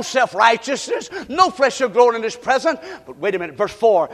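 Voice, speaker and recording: A pastor preaching fast, swinging from shouted lines to quiet asides to his congregation. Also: extremely high pitch, big pitch swings, in a large hall. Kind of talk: energetic sermon.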